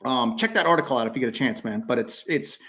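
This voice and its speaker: A man co-hosting a casual livestream, rambling and animated, slipping into quoted voices as he tells stories. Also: mid-range voice, fast talker. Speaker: co-host.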